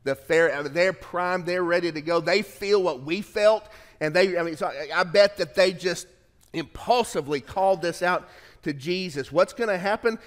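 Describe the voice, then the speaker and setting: Middle-aged male pastor, earnest sermon delivery, slightly high voice, long church reverb. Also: moderate pace. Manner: earnest storytelling, swells louder on key phrases.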